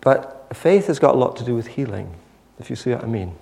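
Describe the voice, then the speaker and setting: A man preaching a sermon, retelling a story with lively, dramatic storytelling. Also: mid-range voice, fairly quick, vocal fry, long reverb tail. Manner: animated storytelling, acting out the scene.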